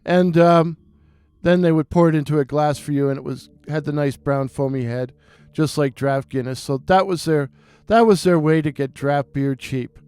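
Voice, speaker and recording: A man with a fairly high voice recalls an old memory at an easy, digressive pace. He talks casually, as if chatting with a friend. The recording is dry and close, with no room echo. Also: steady tone, a little mellow, smooth. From New York City. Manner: rambling, digressive, unhurried. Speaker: storyteller. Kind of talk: casual spoken reminiscence.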